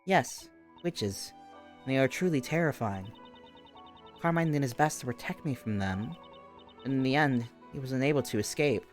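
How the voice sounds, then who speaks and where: A man voicing a frightened young woman in distress, soft and timid. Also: medium pitch, expressive, normal speed, long pauses, faint music behind, natural voice. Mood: fearful.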